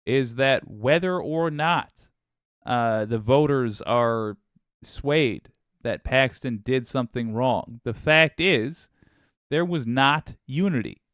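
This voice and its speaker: A man's voice: mid-range voice, dry recording, studio quality. A man hosting a political podcast, talking casually with wry asides and frequent restarts. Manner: chatty, wry, with laughs and restarts. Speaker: podcast host.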